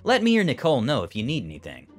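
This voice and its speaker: A man's voice: mid-range voice, huge pitch swings, racing, soft background music. A man voicing a friendly but firm clinic medical assistant who speaks professionally to patients. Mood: polite, firm.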